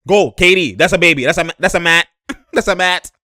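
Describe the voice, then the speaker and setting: A young man reacting to basketball footage, talking fast and loose with slang, laughing often and imitating the players. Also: high voice, sharp tone, no room sound, clean studio sound. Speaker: sports commentator reacting to game footage. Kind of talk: excited play-by-play reaction commentary.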